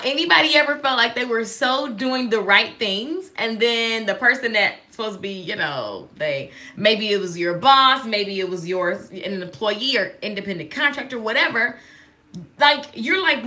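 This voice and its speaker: A woman giving a casual devotional talk, sassy and animated, calling out to listeners. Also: fairly high pitch, moderate pace. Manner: sassy, animated, call-and-response.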